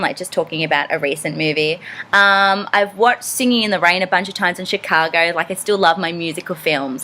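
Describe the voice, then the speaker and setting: A woman's voice: medium pitch, bright, forceful tone, a little hiss or hum. A young Australian woman with an Australian accent, casually answering fan questions in a rambling, chatty way with lots of ums. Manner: chatty, rambling, frequent ums and self-deprecating asides. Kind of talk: casual Q&A vlog.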